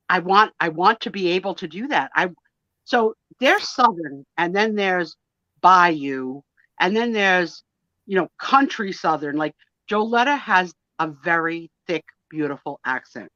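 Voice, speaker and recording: Lively bright-voiced Jersey woman. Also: on the low side, a little slow, no echo, dull audio. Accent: New Jersey. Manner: animated, self-mocking, swears lightly. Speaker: co-host of a live sale stream. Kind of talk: casual storytelling chat.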